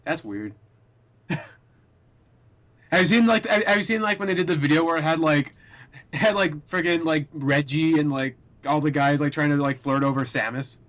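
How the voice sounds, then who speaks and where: A young man with a somewhat high voice hosts a casual group chat. He rambles through his points with plenty of fillers. He laughs often as he talks. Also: normal speed, pauses often, a bit bright. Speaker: podcast host.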